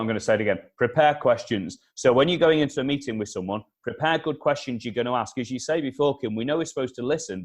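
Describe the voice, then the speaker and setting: Energetic man giving punchy advice. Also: mid-range voice. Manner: energetic, repeats key points, acts out dialogue. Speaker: communication consultant, interview guest. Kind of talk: animated advice with acted-out anecdotes.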